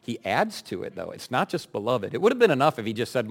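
A man's voice: medium pitch, very animated, fast, gravelly, husky. Male pastor, mid-range voice, preaches in a chatty, emphatic way with dry asides. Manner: conversational, emphatic, with wry asides to the congregation. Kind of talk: expository sermon.

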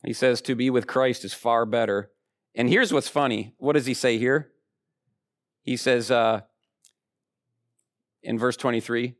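A man preaching a sermon in a conversational, animated way, swinging from excited highs to quiet low asides. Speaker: pastor.

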